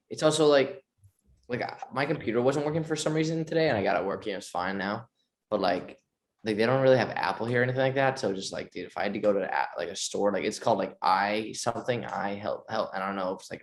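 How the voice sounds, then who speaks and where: Fast-talking gravelly American man. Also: lowish voice. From United States. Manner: rambling, filler-heavy talk. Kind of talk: casual chat.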